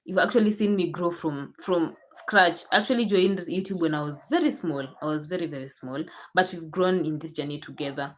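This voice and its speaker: Young Kenyan woman, low voice, chatty vlogger who repeats herself and restarts. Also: brisk, hardly any pauses, a little hiss or hum. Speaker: YouTuber. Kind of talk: casual chat to camera.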